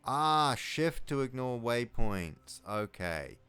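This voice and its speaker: A man with a New Zealand accent giving casual commentary while playing a strategy game, muttering to himself and swearing loudly when things go wrong. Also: mid-range voice, very animated, takes it slowly, clean tone. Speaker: video game let's player.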